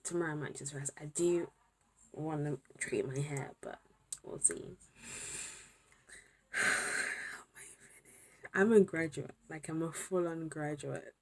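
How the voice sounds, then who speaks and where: A woman's voice: sits low, fairly even intonation, moderate pace, darkish tone, slight background noise. A tired young woman vlogging to camera late at night, overwhelmed, slipping between whispers and exclamations. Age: young adult.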